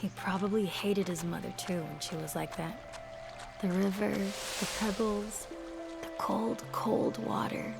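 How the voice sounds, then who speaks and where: A reflective grown woman looking back on her childhood summers, narrating a story game in a quiet, thoughtful way. Her voice has a gravelly edge of fry, and music plays clearly behind her. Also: mid-range voice, fairly even intonation, unhurried. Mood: wistful.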